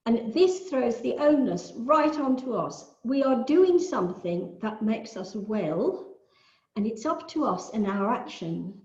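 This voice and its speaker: An older woman lectures online in a slow, explanatory way, stopping for musing asides. Her fairly high voice has a gravelly, creaky edge. The sound is dull and lo-fi, with a noticeable room echo. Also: expressive, darkish tone. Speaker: astrology lecturer. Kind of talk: online talk with shared screen. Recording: echoey, dull lo-fi.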